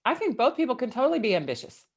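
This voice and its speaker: A middle-aged woman, an executive guest, giving motivational advice in an interview with emphatic, animated delivery. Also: rapid-fire, husky. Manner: emphatic and animated, with big swings in pitch.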